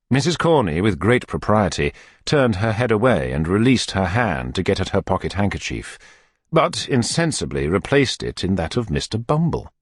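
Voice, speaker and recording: A man narrating a classic novel as an audiobook reader, in expressive, lively storytelling. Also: deep voice, slightly rough, no echo, studio quality.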